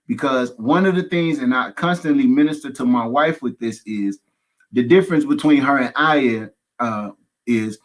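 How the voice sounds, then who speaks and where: A pastor speaking candidly as a guest, emphatic, with folksy humorous asides and runs of repeated phrases. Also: male voice, a little high, fairly bright tone. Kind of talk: candid conversational testimony.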